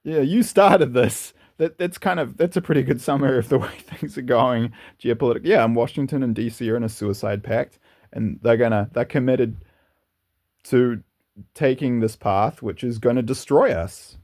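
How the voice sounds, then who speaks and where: A man with a mid-range, slightly mellow voice hosts his own channel at a normal speed. He delivers a casual, opinionated monologue, rambling earnestly through his views with some laughter.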